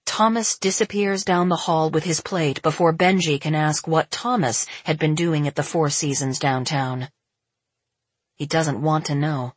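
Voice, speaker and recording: A woman reads a novel aloud in calm, even narration. Her voice is slightly low and faintly husky. The recording is close and dry, with no room sound. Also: a little slow, dry recording. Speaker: audiobook narrator. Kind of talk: scripted narration.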